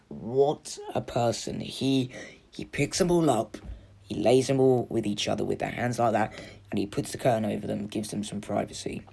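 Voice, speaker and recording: Chatty movie reviewer, middle pitch, casual spoiler talk. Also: vocal fry, darkish tone. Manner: chatty, lots of "like" and "you know". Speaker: film reviewer.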